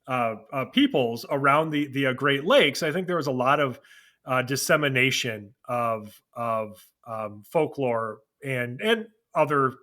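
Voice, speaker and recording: A man co-hosting a podcast in casual chat, thinking aloud in a halting way with many fillers and restarts. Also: mid-range voice, lively intonation, bright, forceful tone. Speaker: podcast co-host.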